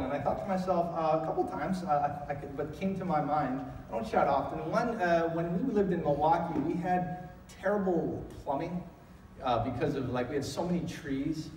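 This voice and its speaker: A middle-aged man with a slightly high voice preaches a Sunday sermon, talking to the room conversationally and swelling into emphatic calls. He sounds a little distant from the mic, and his voice rings through a long, echoing church hall. Faint room noise sits underneath. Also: a little fast, darkish tone. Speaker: pastor. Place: church sanctuary.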